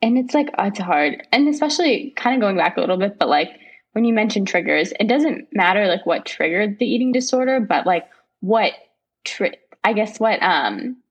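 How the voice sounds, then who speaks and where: A woman's voice: medium pitch, expressive, moderate pace, breathy edge, highs cut off. A young woman in her twenties talking reflectively in a casual podcast chat, hesitant and full of fillers.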